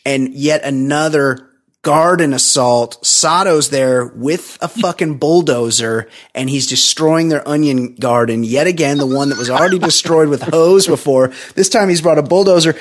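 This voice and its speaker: A man co-hosting a podcast, recapping a film in a crude, joking, animated way and slipping into quoted voices. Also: on the high side. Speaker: podcast co-host. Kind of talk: casual movie recap chat.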